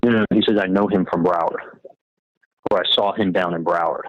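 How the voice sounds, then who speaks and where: A man's voice: low voice, fairly even intonation, a little fast, dry recording. A man on a wiretapped phone call, rambling through a retold conversation, quoting the other side and swearing freely. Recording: muffled wiretap phone recording.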